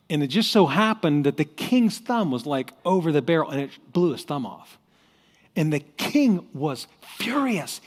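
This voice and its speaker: A man hosting a motivational talk, telling a story in an animated way and acting out its voices. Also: a little high, in a large hall. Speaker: host.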